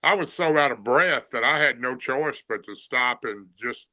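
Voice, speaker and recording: Bright-voiced man telling a story. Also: mid-range voice, expressive, moderate pace, poor audio. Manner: plain-spoken, rambling with fillers. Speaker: guest telling an encounter story. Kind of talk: casual storytelling.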